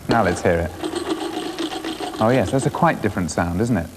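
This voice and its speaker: A man presenting a classroom music lesson to primary school children, asking brisk, encouraging questions. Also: fairly low pitch. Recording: 1980s schools TV, reverberant school hall, faint hiss.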